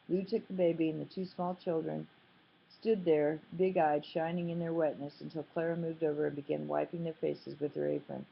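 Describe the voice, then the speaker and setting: Low, gravelly woman reading a novel aloud. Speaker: audiobook narrator. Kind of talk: scripted narration. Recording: slightly muffled, dull audio.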